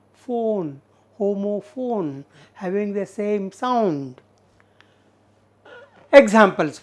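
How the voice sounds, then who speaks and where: A woman with an Indian English accent teaching an English lesson, explaining slowly with many fillers and repeated words. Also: mid-range voice. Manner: slow, repetitive explaining with frequent fillers. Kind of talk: recorded classroom lesson.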